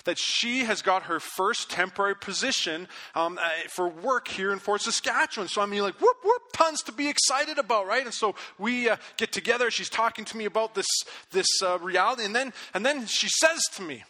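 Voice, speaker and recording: Male pastor, animated storyteller, high and sharply bright, recorded in a reverberant hall. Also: brisk, few pauses. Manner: animated storytelling, acts out his own angry outbursts. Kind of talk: sermon. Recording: long reverb of a big hall.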